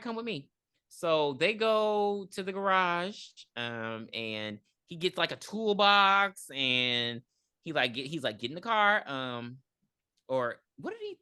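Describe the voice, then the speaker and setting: A woman co-hosting a podcast, casually retelling a movie's plot with lots of swearing and acted-out lines. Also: lowish voice. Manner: animated retelling, acting out characters, swearing. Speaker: podcast co-host. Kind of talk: casual movie review chat.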